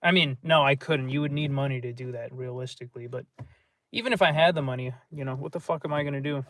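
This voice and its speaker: A man's voice: medium pitch, fast, a bit bright, dry recording. A man hosting a livestream, rambling in a gloomy, profane way while reading and answering chat. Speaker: livestream host.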